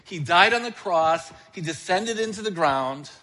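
A man's voice: high voice, lively intonation, unhurried, sharp tone, big-room sound. A male church elder preaching a sermon, asking the congregation questions and answering them himself.

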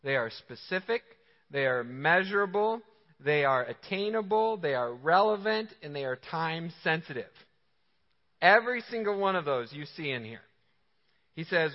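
A man preaching a sermon with energetic, emphatic, conversational delivery. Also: fairly high pitch, normal speed. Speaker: pastor. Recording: reverberant hall, slightly dull sound.

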